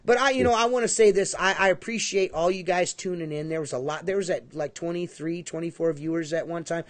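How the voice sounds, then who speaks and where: A man co-hosting a casual livestream podcast, talking in a high voice. He rambles, swears constantly and leans hard on his points. The sound is dry and close, with no room around it. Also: brisk, dry recording. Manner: profane, rambling, emphatic. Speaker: podcast co-host.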